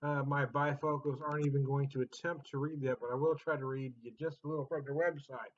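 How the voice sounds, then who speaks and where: A man's voice: mid-range voice, level tone, a little fast, few pauses. A middle-aged man hosting a casual beer review vlog, jokey and rambling, laughing often at himself. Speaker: beer reviewer and channel host. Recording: dull lo-fi sound.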